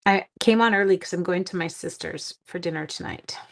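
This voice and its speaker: A woman's voice: on the low side, brisk, a bit bright. A middle-aged woman chatting to viewers during a casual live-stream card-making demo, with silly sound effects.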